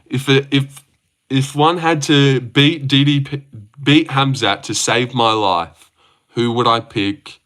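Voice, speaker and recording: A man's voice: medium pitch, steady tone, slow, fairly bright tone. A young Australian man hosting a casual livestream, rambling, joking and swearing as he answers his chat. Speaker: livestream host.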